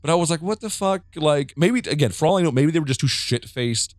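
A man's voice: a little high, fast talker, no echo, studio quality. A man from the United States giving rambling, profane let's play commentary, with jumpy reactions as he plays a horror game. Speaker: gamer.

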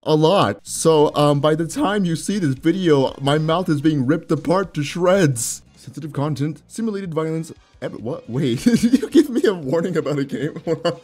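A man's voice: a little high, expressive, normal speed, hardly any pauses, darkish tone, faint music behind. A young man with a sore mouth giving playful let's play commentary, joking, laughing often and reading game text aloud. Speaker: gaming YouTuber.

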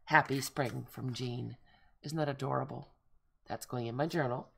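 Woman, middle-aged, gravelly, casual craft vlog chat, gushing, excitable. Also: very deep voice, normal speed, slight background noise. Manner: gushing, excitable, lots of oohs and gasps. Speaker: craft vlogger. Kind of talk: casual show-and-tell chat.

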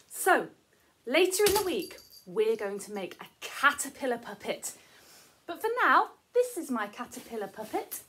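Breathy high teacher talking to children. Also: female voice, fairly bright tone. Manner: playful, sing-song, exaggerated for kids. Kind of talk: children's lesson.

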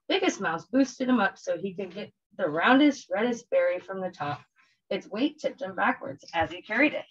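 A woman teacher reading a picture book aloud to children in a gentle, expressive storytelling way. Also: medium pitch, moderate pace, slightly rough, muffled recording.

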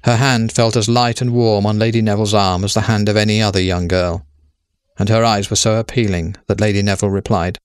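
A man narrating a story in a measured, steady way. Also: fairly low pitch, clean tone, dry recording, studio quality.

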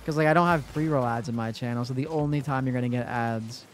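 A man's voice: medium pitch, fast, a little hiss or hum. Chatty young man streaming live. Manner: chatty, swears freely, addresses chat directly. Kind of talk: casual live-stream chat while gaming.

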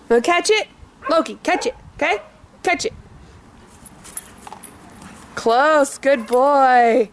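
A woman's voice: high voice, a little hiss or hum. A woman talking baby talk to her dog into a camcorder, coaxing and repeating praise in a sing-song way. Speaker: dog owner.

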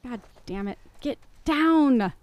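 A woman streamer reacting to a game, jumpy and excitable, often screaming, laughing and swearing. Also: high voice, slow, dry recording. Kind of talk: live gameplay reactions. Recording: game noise under the voice.

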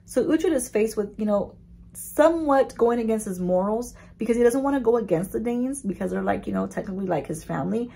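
Gravelly, husky-voiced woman vlogger. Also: on the high side, a little fast. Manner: chatty and animated, casual swearing. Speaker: beauty vlogger. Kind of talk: casual story recap.

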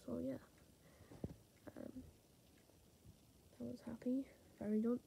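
A woman's voice: a little high, little pitch movement, slow, gravelly, low-quality recording. A woman chatting casually in a hotel room, out of breath, rambling with many fillers and restarts. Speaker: vlogger. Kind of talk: casual vlog chat. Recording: loud background noise. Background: loud noise.

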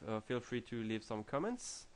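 A man with a French accent explaining programming logic in a tutorial, halting with many fillers and restarts. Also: medium pitch, sing-song. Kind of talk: screen-recorded coding tutorial.

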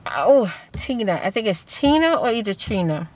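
A woman's voice: medium pitch, sing-song, normal speed, low-quality recording. Chatty woman vlogging from her car. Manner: chatty, rambling, laughs often. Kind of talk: casual vlog chat.

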